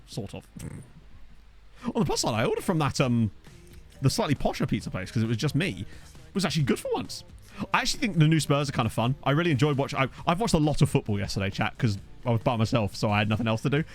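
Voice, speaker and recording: A young man casually chatting to his live chat while playing a game, rambling and reacting as he goes, into a desktop microphone. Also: on the high side. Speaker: gaming streamer. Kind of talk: casual live-stream commentary. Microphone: desktop USB microphone.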